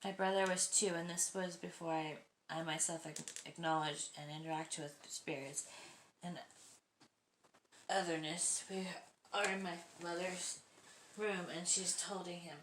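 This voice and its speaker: A woman's voice: on the low side, flat delivery, a little slow, fairly bright tone. A woman hosting a channel, reading out listeners' creepy stories in a casual way and reacting with laughs and asides. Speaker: host reading submitted stories. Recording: echoey room, faint noise.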